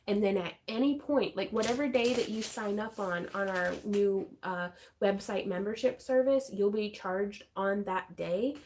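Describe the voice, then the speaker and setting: Bubbly, chatty woman hosting a craft stream. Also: medium pitch. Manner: chatty, bubbly, laughs often, many fillers. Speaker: craft channel host. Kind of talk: casual livestream chat.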